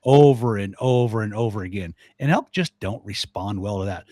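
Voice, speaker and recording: An older man, a guest on a podcast, talking casually and lively, mimicking sounds as he explains. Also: lowish voice, moderate pace, no room sound, studio quality. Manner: animated, mimics elk bugles and voices. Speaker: guest, elk calling expert.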